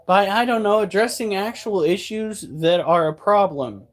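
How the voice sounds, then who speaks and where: Male vlogger, raised pitch, profane and exasperated casual rant. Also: normal speed. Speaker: pet keeper vlogger. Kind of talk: casual ranting chat.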